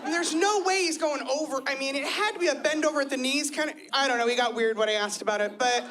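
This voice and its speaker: Woman, 30s, stand-up comic, light higher voice, chatty self-deprecating delivery, recorded live before a laughing crowd. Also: fast talker, noisy background. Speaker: stand-up comedian. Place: comedy club stage with audience.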